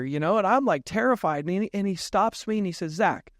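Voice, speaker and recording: Animated storytelling man, dry close mic. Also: high-pitched, a little fast, hardly any pauses, dry recording. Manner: animated storyteller, acts out quoted dialogue, laughs often. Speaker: podcast guest, real estate investor. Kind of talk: casual storytelling interview.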